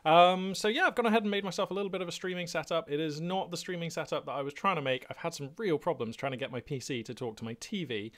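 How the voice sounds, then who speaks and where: A man's voice: on the high side, fast, few pauses, fairly bright tone. A man hosting his gaming channel, talking off the cuff from his home hobby room in a loose, rambling way full of ums and restarts. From England. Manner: rambling, many fillers and restarts, chatty. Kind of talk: casual unscripted monologue. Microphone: webcam setup.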